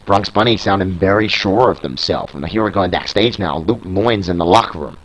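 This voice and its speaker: Excitable young male wrestling commentator. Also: low-pitched, moderate pace, hardly any pauses, rough recording. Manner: excitable play-by-play, reads promos aloud. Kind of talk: play-by-play commentary on a video game wrestling show.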